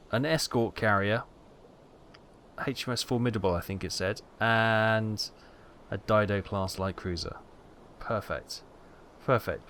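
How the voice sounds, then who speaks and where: A man's voice: mid-range voice, creaky, fairly bright tone, slight background noise. A man hosting a gaming channel, giving casual, wry commentary on a submarine game and stumbling over ship names.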